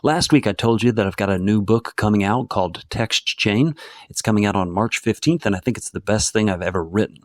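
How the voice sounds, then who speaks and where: A man, the author, reading his own novel aloud in a casual, relaxed storytelling manner. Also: on the low side, a little fast, no echo.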